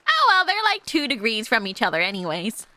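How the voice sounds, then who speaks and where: A woman's voice: on the high side, huge pitch swings, brisk, bright, forceful tone, no room sound, rough recording. A young woman streaming as a VTuber, chatting playfully with lots of giggles and reading a visual novel aloud.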